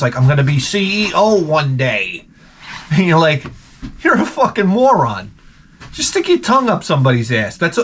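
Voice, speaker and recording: A man rambles through profane comic stories, laughing a lot. His voice sits fairly high and swings widely in pitch. A faint hiss runs under it. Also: fairly bright tone. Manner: crude, rambling, laughs often, acts out quotes. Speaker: vlogger.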